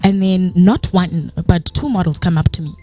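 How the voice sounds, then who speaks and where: A woman's voice: fairly low pitch, moderate pace, a little mellow, soft background music. A young woman with a South African accent, giving a motivational personal talk as a guest speaker. She tells her story in a chatty way, fills it with "you know", and acts out the dialogue she quotes.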